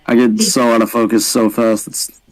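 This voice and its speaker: A man's voice: on the low side, little pitch movement, moderate pace, low-quality recording. A man in a casual group chat, bantering and laughing as he defends himself.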